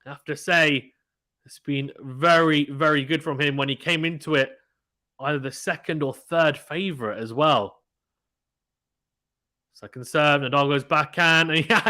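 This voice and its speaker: A young British man calls a tennis match live in a casual, chatty way, laughing easily and reading out viewer messages between points. His voice is bright and forceful, sitting a little higher than most men's. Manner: chatty, laughs often, reads viewer comments aloud. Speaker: live watchalong commentator. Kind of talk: casual play-by-play commentary reading chat.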